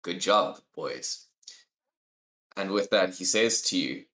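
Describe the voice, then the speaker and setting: A man's voice: low-pitched, lively intonation, slow pace, long pauses, bright, forceful tone. A man running a tabletop game, explaining things wryly in long run-on sentences. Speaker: game master. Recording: roomy echo.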